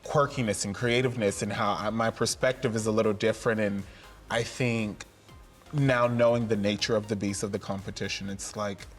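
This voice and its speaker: A man's voice: fairly low pitch, fairly even intonation, a little fast, soft background music. A man, a drag queen guest, talking expressively in a casual interview and acting out other voices.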